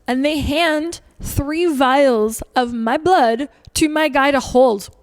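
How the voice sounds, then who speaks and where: A woman's voice: high voice, slow pace, long reverb tail. A woman vlogger telling a personal story in a chatty, joking way, full of "like"s. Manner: animated, jokey, chatty with many "like"s. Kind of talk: casual storytelling.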